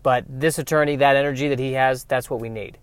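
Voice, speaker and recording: A man's voice: mid-range voice, steady tone, fast talker, lightly acted. A man voicing an alien who keeps apologizing as it turns someone down. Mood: apologetic. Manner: regretful, over-apologetic. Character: apologetic alien speaking for its group.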